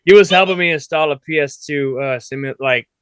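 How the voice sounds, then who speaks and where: A man's voice: a little high, a little fast, a bit bright, smooth, dry recording, studio quality. A man co-hosting a wrestling podcast, joking and laughing along in casual chat. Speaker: podcast co-host.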